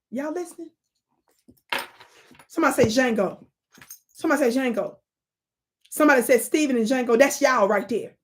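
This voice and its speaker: A woman hosting a live stream, reading history aloud and calling out to her chat in an animated, preachy way. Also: a little high. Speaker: livestream host.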